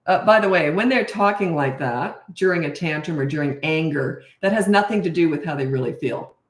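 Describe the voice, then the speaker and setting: A woman's voice: sits low, a little fast. A woman in her sixties, a parenting coach, answering viewer questions in a blunt, emphatic and opinionated way. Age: 60s. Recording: echoey room.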